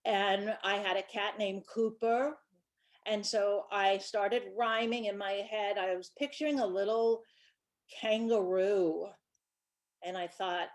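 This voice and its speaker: A woman who writes children's books, talking casually and chattily about her books, with small restarts. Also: mid-range voice. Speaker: children's book author.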